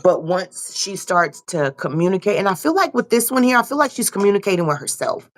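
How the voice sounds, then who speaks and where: A woman's voice: medium pitch, lively intonation, brisk. Casual woman reading tarot cards. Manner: loose, repetitive, swears casually. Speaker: tarot reader.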